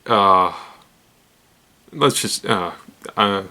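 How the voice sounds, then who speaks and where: A man's voice: lowish voice, animated, very slow, sharp tone. A man hosting a casual weird-news roundup, rambling and giggly, poking fun at himself as he stumbles over words. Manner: rambling, giggly, self-deprecating. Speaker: host.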